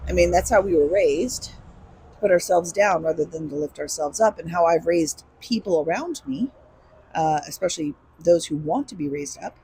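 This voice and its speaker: A woman's voice: lowish voice, lively intonation, moderate pace, mellow, a little hiss or hum, rough recording. A woman talking candidly and emotionally in a personal vlog, reflective and earnest, sometimes swearing. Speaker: vlogger.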